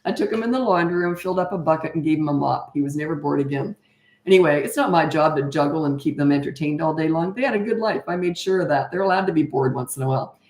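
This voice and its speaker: A woman's voice: deep voice, fast talker, darkish tone. Chatty middle-aged woman, roomy sound. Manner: frank, chatty, laughs often. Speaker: parenting coach. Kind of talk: casual live-stream Q&A. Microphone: webcam.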